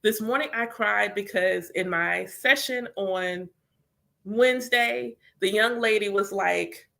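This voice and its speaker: A woman's voice: medium pitch, slow, vocal fry, bright, forceful tone. A woman talking casually and candidly about her spiritual practice as a reader and teacher, with lots of "like" and voiced quotes of her prayers. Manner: candid, chatty, full of filler "like".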